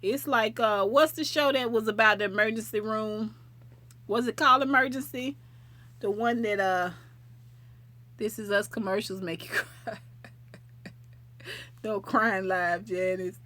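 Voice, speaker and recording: A woman's voice: mid-range voice, a little slow, pauses often, pushed and bright. A woman hosting a late-night livestream, chatting casually and affectionately with viewers and rambling from topic to topic. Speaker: livestream host.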